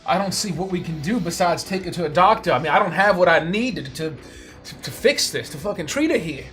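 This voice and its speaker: A tabletop game player speaking in character in a halting way, with many restarts. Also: medium pitch, animated, a bit bright, soft background music. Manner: worried, halting speech with restarts. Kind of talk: in-character tabletop role-play.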